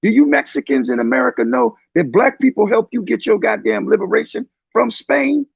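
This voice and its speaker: Heated man in his fifties, gravelly, high voice, dry close sound, lo-fi stream. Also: big pitch swings, a little fast, dry recording. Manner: preachy, confrontational, shouting at times. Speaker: panel speaker. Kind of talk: heated online discussion. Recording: dull lo-fi stream audio.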